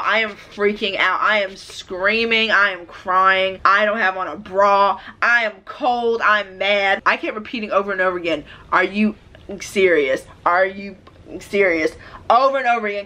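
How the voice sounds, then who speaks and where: A young woman telling a story in a casual, animated vlog while doing her hair, exasperated at times. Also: mid-range voice, normal speed, hardly any pauses. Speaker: hair vlogger.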